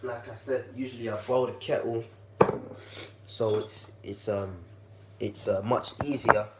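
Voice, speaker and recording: A man with a slightly croaky, congested voice, giving a laid-back how-to demonstration in his kitchen and talking to the viewer like a friend. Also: medium pitch, fairly even intonation, measured pace, noisy background. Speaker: vlogger.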